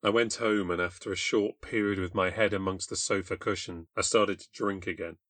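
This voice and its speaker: A man with a low voice tells a first-person ghost story in a dry, close recording. His narration is blunt, sardonic and self-mocking. It sounds steady and scripted. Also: fairly quick, dry recording. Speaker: storyteller and podcast host.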